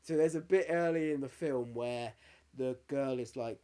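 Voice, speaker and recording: A man in his thirties co-hosts a podcast in relaxed, casual chat. He talks candidly and swears freely, and his voice sits at an ordinary middle pitch. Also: normal speed. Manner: candid, sweary, emotional storytelling. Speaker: podcast co-host.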